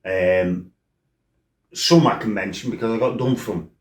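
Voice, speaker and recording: A man's voice: fairly low pitch, a little slow, echoey room. A man with a blunt, sweary, rambling way of telling stories in a casual chat. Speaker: storyteller. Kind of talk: casual storytelling.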